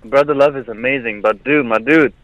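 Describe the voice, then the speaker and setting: A man's voice: mid-range voice, fairly quick, a bit bright, no room sound, dull audio. A man calling in to a radio show, casual and teasing. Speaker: caller.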